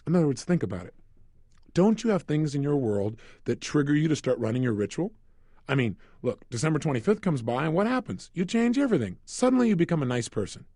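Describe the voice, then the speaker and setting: A man leading a self-help audio program, talking in an energetic, emphatic way and asking the listener rhetorical questions. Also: on the high side, quick pace, no echo, clean studio sound. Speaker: motivational speaker.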